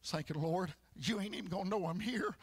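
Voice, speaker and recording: A man's voice: high voice, brisk, slightly rough, dry recording, voice pushed down. A man voicing an ashamed, weeping woman sinner. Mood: weeping devotion. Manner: pleading, tearful, loud outbursts. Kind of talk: acted sermon illustration.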